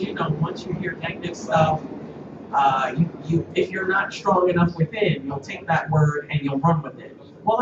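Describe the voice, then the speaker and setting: A woman who works as a radio host, telling stories in a casual, animated way with lots of quoted dialogue. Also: low voice. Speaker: radio host, guest on a show. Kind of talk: casual storytelling interview. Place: room at a live-streamed event. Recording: echoey, distant, dull live stream with room noise.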